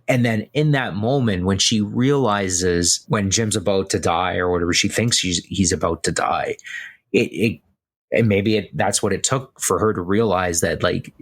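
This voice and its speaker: A man's voice: low voice, a bit bright. A man hosting a podcast, talking through a film in a loose, rambling way, full of "like" and "right?". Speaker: podcast host. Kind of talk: casual film discussion.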